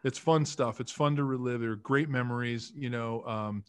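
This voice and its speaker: Chatty man telling animated stories. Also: medium pitch, normal speed, clean tone, no echo, clean studio sound. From Philadelphia area, United States. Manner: chatty, animated storyteller acting out quotes. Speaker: podcast guest, former football lineman. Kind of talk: casual storytelling interview.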